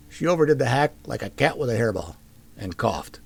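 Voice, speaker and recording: Gravelly male storyteller. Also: mid-range voice, animated, fairly quick. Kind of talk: reading fiction aloud.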